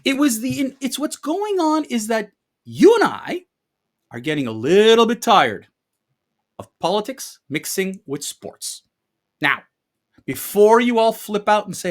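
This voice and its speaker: A man co-hosting a sports talk show, delivering an emphatic rant. His pitch swings widely as he piles up rhetorical questions and leans hard on his points. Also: very animated, unhurried. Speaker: co-host. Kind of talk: opinion rant podcast.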